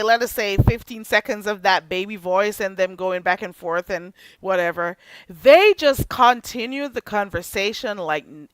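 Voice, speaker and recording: A woman hosting a livestream, chatting casually to her viewers with animated outbursts and playful asides. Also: no echo. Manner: animated, chatty, drifts between low asides and loud outbursts; slips into Jamaican patois for comic effect. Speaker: livestream host. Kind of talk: casual commentary to live chat.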